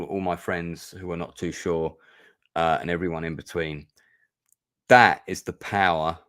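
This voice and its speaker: A man's voice: low-pitched, a bit bright, no echo, clean studio sound. A man hosting a casual film review stream, talking in a rambling, hesitant way with many fillers and emotional asides. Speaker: host.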